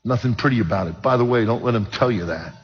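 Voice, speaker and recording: An older man from Brooklyn, New York preaches his personal testimony and jokes with the audience, his lowish voice quick and breathy. The recording sounds dull, with long hall reverb.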